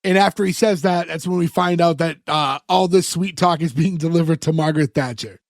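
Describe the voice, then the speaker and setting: A man's voice: a little high, a little fast, no room sound, studio quality. A man co-hosting a podcast, casually recapping a TV episode and quoting the characters as he goes. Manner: retells scenes, quoting characters in passing. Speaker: podcast co-host.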